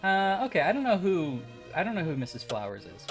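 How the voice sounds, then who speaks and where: A woman's voice: lowish voice, big pitch swings, fairly quick, over music. A woman streaming a game, commenting dryly and teasingly and reading character lines aloud. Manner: dry, teasing, playful.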